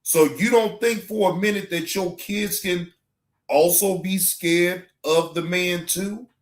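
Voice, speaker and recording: Slow-talking male reaction host. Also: high voice, steady tone. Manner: preachy, repeats himself, asks "right?". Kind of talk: casual commentary.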